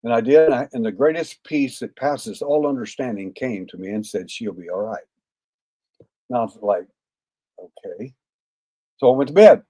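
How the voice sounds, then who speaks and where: A man's voice: mid-range voice, fairly quick, hardly any pauses, mellow. A man in his sixties, a podcast guest telling a story in a folksy way, full of "uh" fillers and acted-out dialogue. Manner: folksy, acts out quoted dialogue, frequent "uh" fillers. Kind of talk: anecdotal storytelling.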